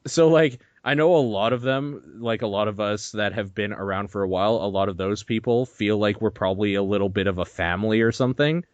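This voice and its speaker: A young man hosting a podcast, telling a story in an animated, swearing, laughing way. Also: on the low side, brisk, few pauses, no echo, dull audio. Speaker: podcast host. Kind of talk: casual chat.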